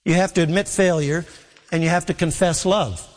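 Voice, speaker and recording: Preacher, male, fairly high voice, earnest sermon delivery, long church reverb. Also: fairly even intonation, moderate pace. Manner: earnest preaching, voicing Jesus in quotes. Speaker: pastor.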